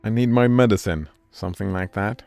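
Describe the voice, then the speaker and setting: Deep gravelly man streaming a game. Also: fairly quick, a little mellow, no room sound, faint music behind. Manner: chatty, thinks aloud and talks to chat. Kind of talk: casual gameplay commentary.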